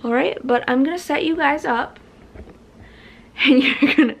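A woman's voice: high voice, unhurried, gravelly, slight background noise. Rambling young woman vlogging at home. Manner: rambling and self-interrupting, trails off mid-sentence. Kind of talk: casual vlog chat. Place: at home, indoors.

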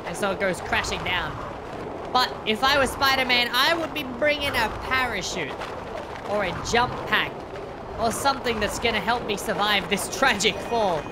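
A woman's voice: fairly high pitch, animated, normal speed, very noisy. A woman giving playful, jokey reaction commentary as a video host, full of exclamations.

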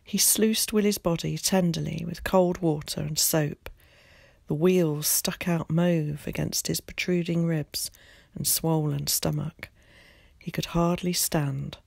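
A woman's voice: sits low, vocal fry, no echo, clean studio sound. Woman teacher reading a story aloud. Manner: expressive, measured storytelling. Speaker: primary school teacher.

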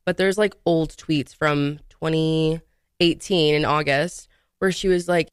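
Low-voiced woman in mocking chat. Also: steady tone, measured pace, smooth, no echo, studio quality. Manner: mocking, giggly. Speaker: podcast co-host. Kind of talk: casual gossip chat.

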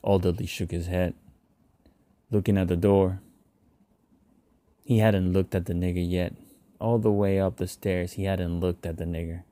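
A man narrating a short story in a measured, subdued way. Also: sits low, fairly even intonation, dark tone, dry recording. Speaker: reader.

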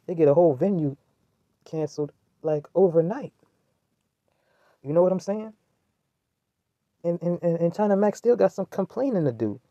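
A man's voice: a little high, warm tone, no room sound, highs cut off. A man giving a heated, rambling commentary rant, full of slang and restarts. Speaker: commentary vlogger. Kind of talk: ranting commentary.

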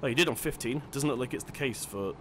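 A man's voice: medium pitch, fast talker, fairly bright tone, a little hiss or hum. A man giving casual let's-play commentary, chatty and self-deprecating, thinking aloud as he plays. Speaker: gaming channel host.

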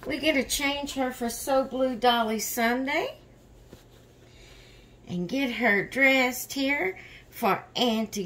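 A woman's voice: fairly high pitch, fairly bright tone. A woman hosting a doll vlog in casual chat, tired and yawning, rambling openly about her stress. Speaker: reborn doll channel host.

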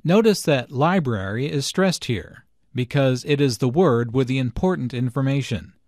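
Man, English lesson narration, slow and clear, dry close sound. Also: mid-range voice, animated, a little mellow, dry recording. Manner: slow, clear explanatory delivery. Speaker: English teacher.

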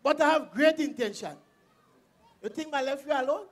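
A man's voice: very high-pitched, normal speed. A man with a Tobagonian Creole accent playing a persistent suitor who sweet-talks with folk sayings, in a folk stage comedy. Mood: wooing. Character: persistent male suitor wooing a reluctant girl. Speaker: stage actor.

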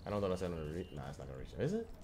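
A young man streaming a shooter game, swearing a lot and jumping from low mutters to loud shouts. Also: very fast, very noisy. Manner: profane, excitable, swings from mutters to shouts. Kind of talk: gaming livestream commentary.

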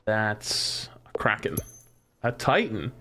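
Animated man musing through game combos. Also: on the low side, slow pace. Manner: musing aloud, trying combinations one after another. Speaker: streamer. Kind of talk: casual live-stream commentary.

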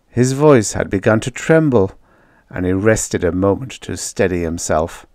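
A male narrator reading a vintage horror short story in a slow, unhurried delivery. The recording is dry and close, with a medium-pitched voice. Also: expressive, a little mellow, no room sound. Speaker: audiobook narrator.

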